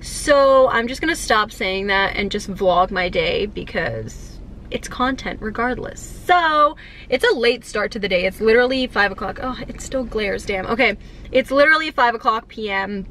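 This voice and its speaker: A woman's voice: mid-range voice, a bit bright, slight background noise. A young woman vlogging her day in casual, chatty talk with a friend. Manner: chatty, laughs and sings along. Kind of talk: casual vlog chat. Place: in a car. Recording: music playing in the background.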